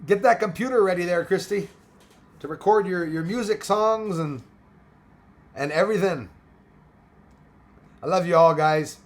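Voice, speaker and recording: A hoarse man chats loosely from home as he hosts a livestream. He rambles through viewer comments, often pausing on fillers and starting his sentences over. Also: sits high. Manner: rambling, many fillers and restarts. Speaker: livestream host. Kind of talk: casual chat reading viewer comments.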